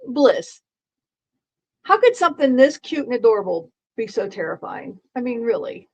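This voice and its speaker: High-voiced woman rambling on a stream. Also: big pitch swings, moderate pace, rough recording. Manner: rambling, repeats herself, joking and talking to chat. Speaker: live streamer. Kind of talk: casual live-stream chat with viewers.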